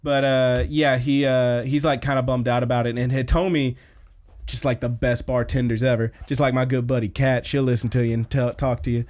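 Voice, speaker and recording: A man's voice: mid-range voice, flat delivery, a little fast, darkish tone. A man hosting a podcast, casually recapping anime episodes in a rambling way with lots of fillers. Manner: rambling, filler-heavy retelling. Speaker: podcast host.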